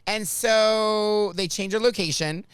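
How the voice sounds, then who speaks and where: Animated man telling stories. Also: sits high, slow, clear, resonant tone, no echo. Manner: animated, acts out quotes in voices. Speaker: podcast host and rideshare driver. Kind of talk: comedic storytelling chat.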